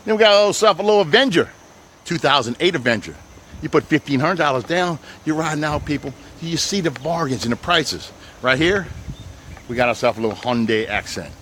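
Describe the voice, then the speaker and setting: A man, a used car dealer, walking his outdoor lot in a folksy hard-sell sales pitch and calling out to the people watching. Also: heavy background noise.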